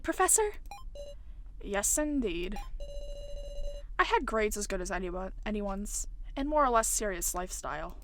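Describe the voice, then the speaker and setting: A woman voicing a calm, kindly older male professor in a game, speaking softly and formally. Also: mid-range voice, slight background noise, natural voice. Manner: soft-spoken, measured, formal. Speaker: game character.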